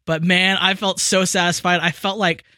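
A high, bright male voice in a relaxed group chat, recorded dry and close. He talks animatedly, piling on playful exaggerations and filler words. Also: moderate pace, dry recording. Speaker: podcast co-host. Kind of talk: casual chat.

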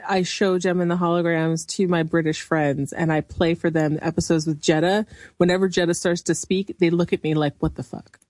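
A woman co-hosting a podcast, giving animated, opinionated commentary and laughing often. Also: lowish voice, a little fast, no echo. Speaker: podcast co-host. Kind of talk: casual chat.

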